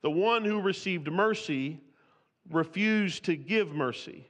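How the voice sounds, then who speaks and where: A man preaches an expository sermon, reading scripture aloud in King James wording, then speaking freely with frequent restarts and repeated words. His voice is high-pitched, expressive, and slow. A long hall reverb trails the recording.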